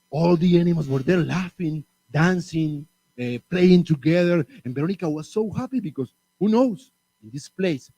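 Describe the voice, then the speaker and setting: Colombian guy telling stories live at a university, spanish accent, a bit high voice, dry sound. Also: no echo, low-quality recording. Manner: animated, repetitive, mixes in Spanish. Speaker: storyteller. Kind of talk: oral storytelling.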